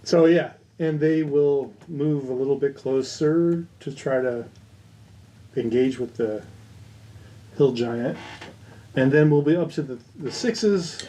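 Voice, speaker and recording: A man guides his players through a tabletop game as game master. He talks slowly and with frequent fillers, his tone soft and mellow. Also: medium pitch. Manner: unhurried, hesitant, with many fillers.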